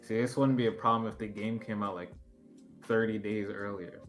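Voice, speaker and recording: A man's voice: on the low side, fairly even intonation, moderate pace, faint music behind. A man co-hosting a casual gaming chat stream, talking in a laid-back, joking way with swearing. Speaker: podcast co-host.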